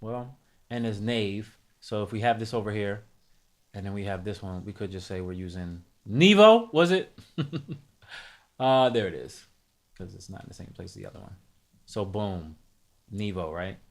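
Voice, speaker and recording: A man's voice: on the low side, lively intonation, moderate pace, vocal fry, pauses often. A man hosting a live music production tutorial, talking casually to his chat, thinking aloud and correcting himself as he goes.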